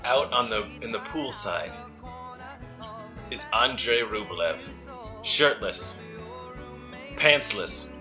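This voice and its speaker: A man narrating his character's actions in a tabletop role-playing game, halting and laughing. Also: fairly low pitch, lively intonation, music in the background. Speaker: player.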